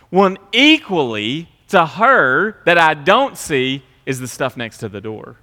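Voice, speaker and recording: Bright-voiced preacher in a reverberant hall. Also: male voice, fairly high pitch, very animated, slow, hardly any pauses. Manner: swings from quiet asides to loud mocking impressions. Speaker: pastor. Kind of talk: sermon.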